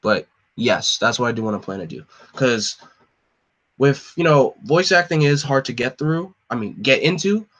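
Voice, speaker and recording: A man's voice: mid-range voice, animated, moderate pace, a bit bright, lo-fi sound. A young man hosting a live comic reading, talking casually and hesitantly with fillers. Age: young adult. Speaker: host reading a comic aloud.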